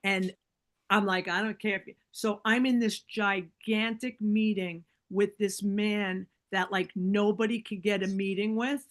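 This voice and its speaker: A middle-aged woman, a podcast guest, telling a personal story in casual conversation, animated and acting out the other people with many fillers and restarts. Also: medium pitch, a little slow.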